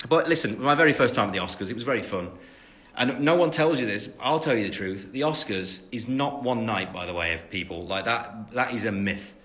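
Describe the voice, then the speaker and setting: A man's voice: on the low side, animated, brisk, fairly bright tone. Chatty young Englishman rambling on a livestream. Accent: English Midlands. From England. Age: 20s. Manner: rambling, chatty, self-deprecating, many fillers. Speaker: livestream host reading fan questions. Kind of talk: casual chat. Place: at home after the gym. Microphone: phone camera.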